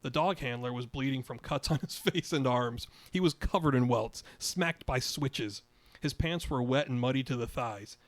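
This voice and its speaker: A man's voice: medium pitch, moderate pace. An older man in his eighties reading his own memoir story aloud, wry, chuckling now and then. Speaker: podcast storyteller.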